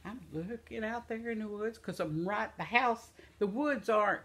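A woman's voice: mid-range voice, moderate pace, fairly bright tone. An older woman spinning homespun anecdotes for her followers. She rambles from one aside to the next and keeps laughing at her own tales as she goes. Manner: laughs often while telling stories. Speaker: vlogger. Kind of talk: casual storytelling.

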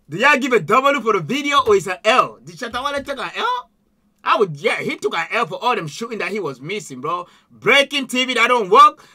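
An excitable man hosting a music reaction, shouting and laughing his way through slangy commentary. His voice sits very high and bounces around a lot. It has a sharp, piercing edge. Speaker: YouTube music reaction host.

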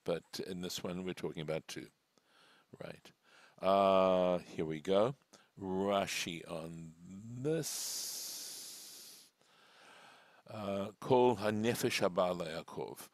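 A man's voice: deep voice, no echo, clean studio sound. A man teaching a text class as a rabbi, reading lines aloud and then translating and explaining them patiently. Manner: deliberate, with frequent fillers and restarts. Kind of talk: slow, methodical text study.

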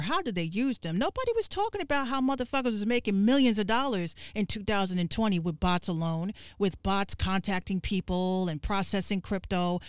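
A woman's voice: mid-range voice, clean tone, no echo, clean studio sound. Fiery, foul-mouthed woman ranting to chat. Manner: profane and fiery, with quick asides. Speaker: podcast host. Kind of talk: livestream rant.

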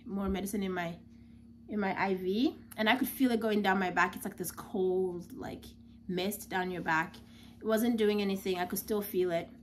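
A young new mother tells a personal story in a chatty, unpolished way, filling it with filler words. Her voice is middling in pitch with a darkish tone, and a faint hiss runs beneath the recording.

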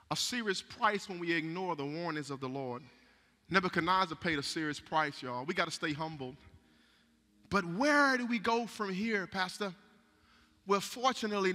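Male preacher, fiery, very bright piercing tone, shouts then hushes, asks for amens. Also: high-pitched. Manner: impassioned, swings from shouting to hushed, calls for amens. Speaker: pastor. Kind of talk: sermon. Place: church sanctuary. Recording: echoey church sanctuary.

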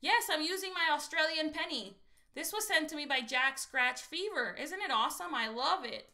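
With a high voice at normal speed, a Texan woman chats excitedly to her viewers during a casual lottery scratch-off livestream. "You guys" comes up constantly in her talk.

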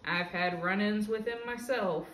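A woman voicing a nervous big male Spinosaurus in a low, uneasy tone, in a roomy space. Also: measured pace, a bit bright, far from the mic, slight background noise, natural voice. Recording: roomy echo.

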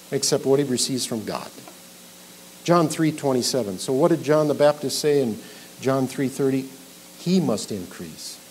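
A middle-aged male pastor preaching an expository sermon, emphatic, building to loud peaks on key points. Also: medium pitch, slight background noise, low-quality recording. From Minnesota.

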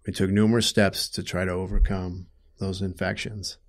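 A middle-aged man telling a painful personal story in an interview, halting and emotional, often restarting his sentences and growing loud when upset. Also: low voice, little pitch movement.

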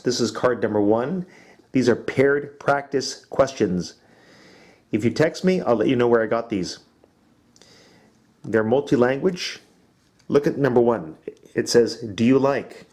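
A man, an English teacher, talking to other teachers and slowly modelling classroom questions and answers. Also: medium pitch, a little mellow. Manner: slow, clearly modelled classroom phrases. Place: teaching in Japan.

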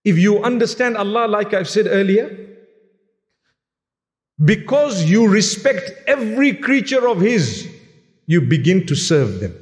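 A man's voice: sits high, big pitch swings, unhurried, pauses often. A man preaching a sermon, earnest and exhorting, telling stories with quoted dialogue. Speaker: Islamic preacher. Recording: long hall reverb.

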